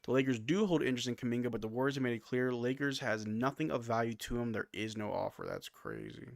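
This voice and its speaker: A man calls a basketball game for his stream audience in a loose, casual way, reading off stats and answering chat between plays. His voice sits at a middle pitch and sounds dry and close to the mic. He sounds a bit sleepy. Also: quick pace, creaky, no echo. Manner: relaxed, reads stats and replies to chat. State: yawning, sleepy. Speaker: live stream watch-along host. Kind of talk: casual play-by-play commentary with chat.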